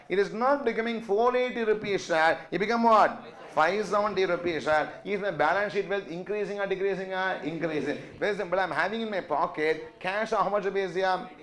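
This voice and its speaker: A man with a voice teaches a class, his voice sitting high in pitch. He keeps firing questions at the students and waiting for them to answer. He speaks as a lecturer in a classroom. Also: fairly bright tone. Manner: call-and-response questioning, asks yes or no constantly.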